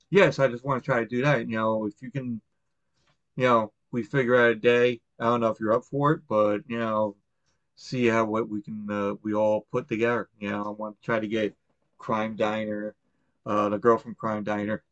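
Rambling, profane podcast host, lo-fi. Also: male voice, fairly low pitch, flat delivery, normal speed, a bit bright, dry recording. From Long Island, New York. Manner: rambling and profane, with many fillers and restarts. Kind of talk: casual podcast chat. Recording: dull, lo-fi, dry sound.

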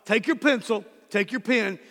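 High-voiced man preaching in a reverberant hall. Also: moderate pace, pushed and bright. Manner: emphatic preaching, repeats key words. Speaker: pastor. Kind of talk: sermon.

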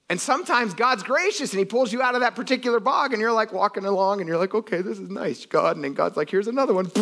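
Man, pastor, casual animated sermon, slightly higher voice, acts out quotes. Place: church sanctuary.

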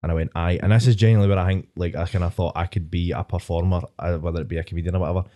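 A Scottish man in his twenties hosts a podcast, his low voice steady, warm and racing. In casual chat he tells a long, rambling story packed with swearing.

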